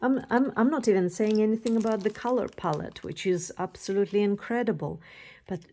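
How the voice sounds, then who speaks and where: A woman showing a beading kit and demonstrating earrings, gushing excitedly with scattered thoughts. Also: medium pitch, fairly quick. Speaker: beading designer and tutor. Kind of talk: casual unboxing and how-to demo.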